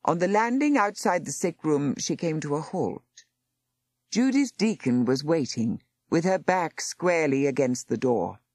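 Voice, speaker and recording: Woman reading a storybook, low husky voice, lots of ups and downs. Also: measured pace, dry recording, studio quality. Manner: expressive storytelling. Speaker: narrator. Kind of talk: audiobook narration.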